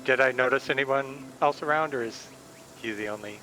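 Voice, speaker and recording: A man playing a tabletop game, planning his moves with halting fillers. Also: mid-range voice, bright, forceful tone, a little hiss or hum, low-quality recording. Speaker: player. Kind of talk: casual play at a tabletop game.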